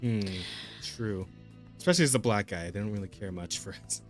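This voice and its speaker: A man's voice: lowish voice, animated, brisk, soft background music. A man hosting a podcast in casual chat, laid-back, laughing often and repeating words. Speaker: podcast host.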